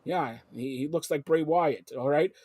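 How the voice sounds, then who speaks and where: A man hosting a live broadcast, talking in an excitable, rambling way that jumps between topics. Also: a little high, moderate pace, husky, no room sound, clean studio sound. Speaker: host. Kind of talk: live call-in broadcast chat.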